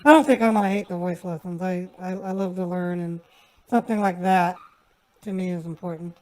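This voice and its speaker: A woman scambaiter chatting on a live stream and then making a prank call, talkative and quick to laugh. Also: lowish voice, darkish tone, rough recording.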